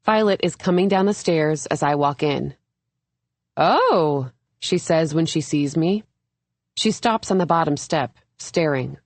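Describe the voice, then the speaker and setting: A young adult woman reading a first-person thriller audiobook in a measured, even storytelling manner. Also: low-pitched, no room sound. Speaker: audiobook narrator. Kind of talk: scripted first-person narration.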